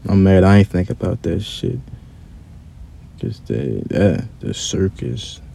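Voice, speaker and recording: Blunt, profane man ranting in a low voice. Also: very animated, slow pace, gravelly, mellow, breathy edge. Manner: blunt, profane, repeats points with restarts. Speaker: vlogger. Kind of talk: casual profane rant to camera.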